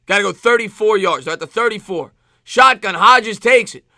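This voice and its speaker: A man with a New York accent streaming live play-by-play football commentary, excitable, with rhyming calls and thanks to chat viewers. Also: high voice, normal speed, no echo, studio quality. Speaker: sports streamer.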